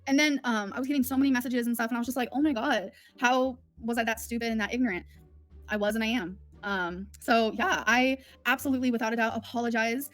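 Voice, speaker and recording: A woman's voice: a little high, steady tone, quick pace. A woman hosting a livestream from home, talking in a candid, rambling, emotional way. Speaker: livestream host. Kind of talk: casual livestream chat.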